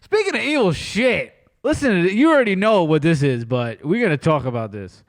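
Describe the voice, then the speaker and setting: A podcast host, a man whose voice sits a little higher than most, talks in a loose, joking way. He tells stories and curses freely as he chats. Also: lively intonation, a little fast. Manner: joking storyteller who swears freely. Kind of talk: casual podcast chat.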